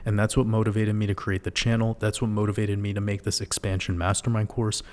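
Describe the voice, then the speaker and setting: Man, low voice, livestream host, casual monologue, rhetorical questions, swears freely. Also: a little mellow.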